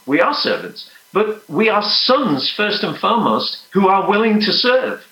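A man preaching a sermon, earnest and emphatic, sometimes dropping to soft, hushed prayer. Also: sits high, sing-song, moderate pace, hardly any pauses, echoey room, rough recording.

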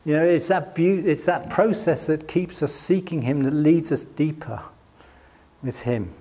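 A middle-aged pastor from Britain, speaking on the high side and a little slowly in a dark tone, delivers a sermon. His style is relaxed and self-effacing, with laughter coming often.

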